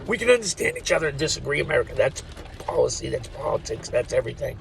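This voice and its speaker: A man's voice: mid-range voice, quick pace, creaky, a bit bright, slight background noise, low-quality recording. A man who works at a post office, rambling in an opinionated monologue to the camera, swearing freely and laughing at his own jokes. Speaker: postal worker vlogger.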